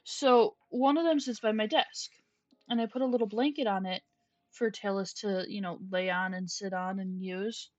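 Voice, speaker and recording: A woman's voice: medium pitch, fairly even intonation, normal speed, dry recording. A young adult woman streaming a game in casual chat, rambling through stories and cooing at her pet. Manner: chatty, rambling storytelling with restarts; coos softly at her pet. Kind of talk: casual chat while gaming. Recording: dull lo-fi stream mic. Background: faint music.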